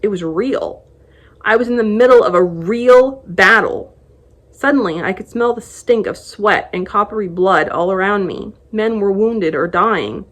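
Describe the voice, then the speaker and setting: Book blogger, female, mid-pitched voice, expressive first-person reading of a novel excerpt. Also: unhurried.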